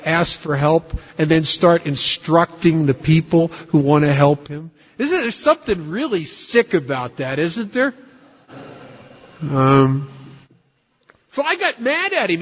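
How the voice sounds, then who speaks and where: Guy telling his recovery story, blunt and self-mocking, kinda high voice, dull lo-fi tape with hall echo. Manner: blunt, conversational, self-mocking, with rough everyday grammar. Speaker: recovery meeting speaker. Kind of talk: personal recovery story told to an audience. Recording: dull lo-fi recording in a reverberant hall.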